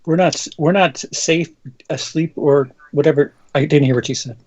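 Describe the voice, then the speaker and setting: Wry man with a higher voice. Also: fairly even intonation, normal speed, slightly rough, muffled recording. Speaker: co-host on a commentary stream. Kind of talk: casual movie commentary chat.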